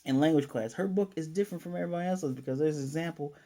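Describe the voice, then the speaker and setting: A man's voice: a little high, rapid-fire, dark tone. A man casually recapping an anime episode, chatty and self-correcting, with playful asides. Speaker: anime reviewer.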